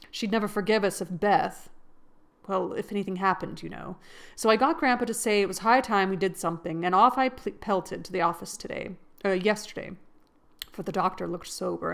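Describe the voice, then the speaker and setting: A woman puts on a kindly, mischievous young man from a storybook. He talks quick and eager in a mid-pitched, slightly gravelly voice. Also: fairly bright tone.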